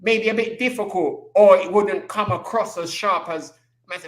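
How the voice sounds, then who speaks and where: Animated man with street slang. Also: sits high, moderate pace, echoey room. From England. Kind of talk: casual chat.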